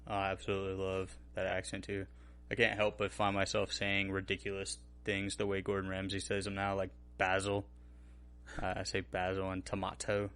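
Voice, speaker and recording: A man co-hosting a podcast in casual chat, animated and profane, often acting out quotes. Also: low voice, a little fast, smooth. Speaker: podcast co-host.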